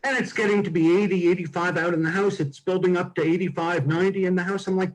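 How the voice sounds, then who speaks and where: A man's voice: sits high, fairly even intonation, fast talker, rough recording. A man doing a chatty, self-deprecating stand-up set over a video call. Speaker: stand-up comic. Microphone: video call mic. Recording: video call with loud laughter behind.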